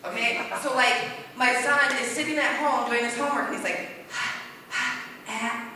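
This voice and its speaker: A woman doing rambling, self-deprecating stand-up at an open mic night in a bar, with a voice she calls deep. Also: steady tone, fairly quick, bright, forceful tone, slight background noise. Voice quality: deep-sounding voice. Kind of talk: stand-up comedy. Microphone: stage mic in a bar. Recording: roomy hall, voice from far off.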